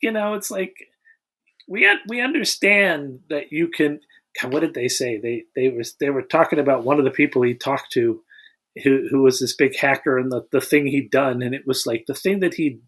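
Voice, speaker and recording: A man's voice: mid-range voice, moderate pace, a bit bright. A man co-hosting a casual movie-review podcast, rambling and restarting as he retells the plot with dry humor. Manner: rambling, searching for words, wry. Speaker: podcast co-host.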